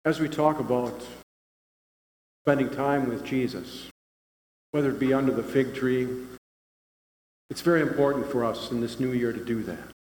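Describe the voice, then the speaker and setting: A man's voice: medium pitch, normal speed, long pauses, darkish tone, slight background noise. An older man preaching a sermon as pastor, folksy and conversational, recorded in a church sanctuary. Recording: echoey church hall.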